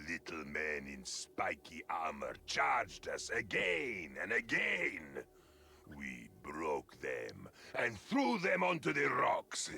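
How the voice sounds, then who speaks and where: Game brute: simple, bitter ogryn with a Yorkshire accent, husky and bright, swinging widely in pitch. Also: male voice, exaggerated voice. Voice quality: gruff, gravelly. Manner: slow, plain-spoken grumbling. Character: hulking male ogryn veteran, bitter and simple.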